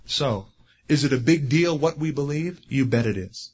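A man preaching a sermon, animated, growing loud and high when he stresses a point. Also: moderate pace, husky, muffled recording. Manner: animated, rising loud for emphasis. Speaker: pastor.

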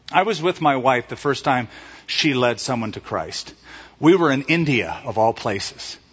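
A man preaching a sermon as a pastor, telling stories in an animated way and acting out the voices he quotes, recorded in a church sanctuary. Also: medium pitch, breathy edge. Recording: reverberant hall, dull lo-fi sound.

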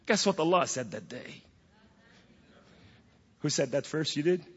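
A man's voice: fairly high pitch, expressive, unhurried, long pauses, slightly rough. Man preaching in an echoey hall. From Middle East. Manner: theatrical, swings from hushed to loud outbursts. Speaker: guest speaker giving testimony. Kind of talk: dramatic preaching testimony. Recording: dull, echoey hall recording.

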